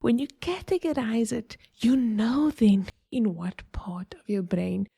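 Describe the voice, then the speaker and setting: A woman's voice: on the high side, expressive, slow pace, creaky, dark tone, slightly rough, no room sound, studio quality. A woman hosting a podcast, explaining ideas in a chatty, digressive way with homely analogies. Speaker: podcast host. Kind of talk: casual explanatory talk.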